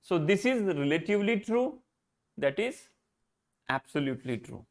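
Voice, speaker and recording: Indian guy teaching, higher voice, asks questions then answers, repeats points, drops hindi words. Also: very animated, normal speed. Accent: Indian English. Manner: explains by posing rhetorical questions and answering them; repeats and rephrases key points, slips into Hindi. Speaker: philosophy teacher. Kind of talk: live exam-prep lecture.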